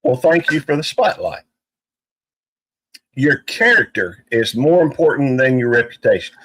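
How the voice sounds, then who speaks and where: A man's voice: mid-range voice, expressive, a little slow, a bit bright, dry recording, low-quality recording. A man speaking earnestly and emphatically on a casual live panel, with some playful teasing.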